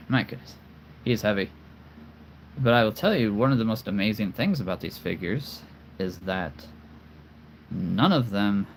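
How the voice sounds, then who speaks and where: A man with a lowish voice chats unhurriedly on a casual livestream, full of enthusiasm and given to saying things twice. A faint hiss of noise sits under the recording. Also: low-quality recording. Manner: enthusiastic, repeats phrases, chuckles often. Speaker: host showing his toy figure collection.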